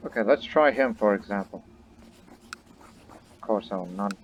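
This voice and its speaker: A man's voice: on the low side, normal speed, lo-fi sound, slight background noise. A man casually commenting on his own strategy game as he plays, thinking aloud with chatty asides. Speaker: game streamer.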